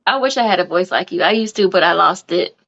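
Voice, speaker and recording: A woman hosts a casual live podcast, her voice gravelly with vocal fry. She rambles through her stories, full of fillers. The sound is dull and lo-fi. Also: lowish voice, expressive, quick pace, fairly bright tone. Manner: rambling storyteller with many fillers. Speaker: podcast host.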